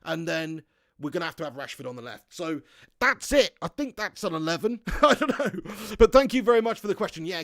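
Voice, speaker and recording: A man hosting a live fan stream, chatting excitably and reading out viewer comments. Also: on the high side, no echo. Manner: excitable, chatty, often laughing. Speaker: fan channel host.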